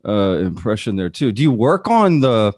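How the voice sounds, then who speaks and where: Brief: male podcast host, very lively pitch, dry close sound, exclamatory. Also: moderate pace, dry recording. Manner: enthusiastic, reactive, exclamatory. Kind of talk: casual interview chat.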